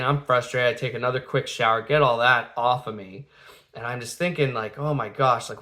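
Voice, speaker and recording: A man's voice: medium pitch, pushed and bright. A man in his thirties, a father telling a family story in a casual, rambling way, full of fillers and restarts, acting out the quotes.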